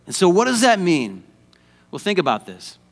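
A man's voice: high-pitched, wildly swooping pitch, moderate pace, gravelly. A man preaching a sermon as pastor, conversational and joking, then rising to emphatic points.

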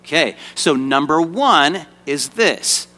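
On a church stage before an audience of kids, a children's ministry teacher leads an interactive Bible lesson, directing volunteers and prompting the children to call out responses. His slightly high voice is animated, bright, and forceful, and he takes it slowly. The hall adds an echoey reverb.

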